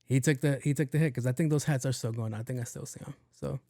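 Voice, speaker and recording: A man's voice: mid-range voice, fast, mellow, no echo, studio quality. A young man hosting a podcast, telling a rambling, profane story and acting out both sides of the conversation. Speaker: podcast host. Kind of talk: casual storytelling monologue.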